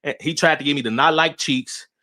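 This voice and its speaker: Animated man ranting on a livestream. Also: a little high, a little fast, no echo, studio quality. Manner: animated, laughing, swearing, repeats himself. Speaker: livestream host. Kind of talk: casual livestream rant.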